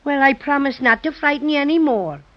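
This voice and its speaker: Tiny friendly teddy bear, Irish brogue, high voice, unhurried, old muffled radio sound. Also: male voice, expressive. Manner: sings a slow growling rhyme, then chats kindly. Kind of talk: 1930s radio acting. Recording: dull old radio recording.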